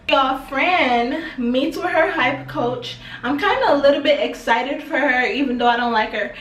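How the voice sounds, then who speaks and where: A woman's voice: high-pitched, distant mic. A woman hosting a reality TV reaction video, chatting with viewers in an exasperated, gossipy way. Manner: chatty, exasperated, keeps addressing viewers as y'all. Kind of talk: casual reality TV reaction commentary. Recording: echoey room, voice off-mic.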